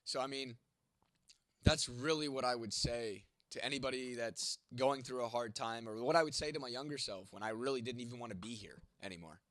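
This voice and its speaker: A young livestream host reads chat and replies in a joking, blunt, profane way. His medium-pitched, slightly bright voice moves fairly quickly, though it's congested and fading, and he coughs along the way.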